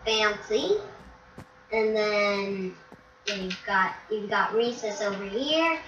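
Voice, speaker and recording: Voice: medium pitch, expressive, takes it slowly, noisy background. A young game vlogger giving a chatty, curious tour of a built world, musing aloud with ums and hmms. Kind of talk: casual gameplay tour commentary. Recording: roomy, distant, dull lo-fi mic with faint music.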